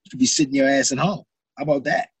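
A man's voice: mid-range voice, steady tone, very fast, breathy edge, no echo. A middle-aged man, an actor, telling stories in an interview and acting out his own reactions. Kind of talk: interview storytelling.

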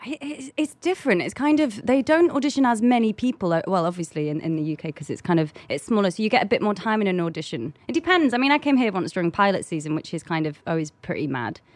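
A woman's voice: medium pitch, expressive, fast talker, few pauses, dry recording. A young woman with an English accent, chatting as a guest in a casual interview and often filling with "kind of". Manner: chatty, lots of "kind of" fillers. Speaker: actress, guest.

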